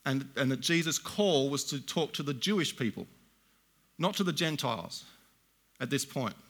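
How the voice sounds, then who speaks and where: A middle-aged man preaching a sermon, reading scripture slowly and deliberately, then explaining it in plain, conversational asides. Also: medium pitch, expressive, vocal fry, a bit bright.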